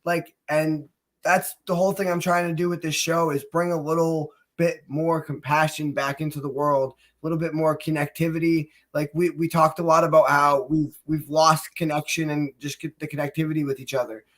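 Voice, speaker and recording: Male host, slightly high voice; earnest, halting casual chat. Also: little pitch movement, a bit bright. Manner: earnest, halting, many restarts and fillers. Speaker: show host.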